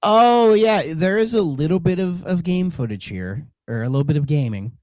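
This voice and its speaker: A man's voice: fairly high pitch, lively intonation, moderate pace, a little mellow, no room sound. A man co-hosting a retro game podcast in casual, rambling chat, swearing and drifting into rants. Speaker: podcast co-host.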